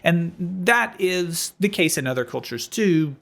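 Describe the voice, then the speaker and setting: A man's voice: fairly high pitch, animated, a little slow, gravelly, a bit bright. A man co-hosting a podcast, talking through his thoughts in a reflective, earnest way. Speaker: podcast co-host. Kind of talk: casual podcast chat.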